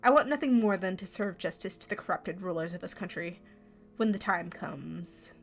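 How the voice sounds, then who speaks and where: A woman's voice: on the low side, animated, moderate pace, vocal fry, faint music behind. A woman voicing a grim, determined female revolutionary in a game.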